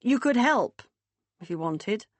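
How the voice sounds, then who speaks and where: Picture a light, joking man in his thirties, easygoing and warm toward his partner, as a female narrator voices him. It is read close and dry, close to the narrator's own voice. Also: a little high, animated, slow, no echo.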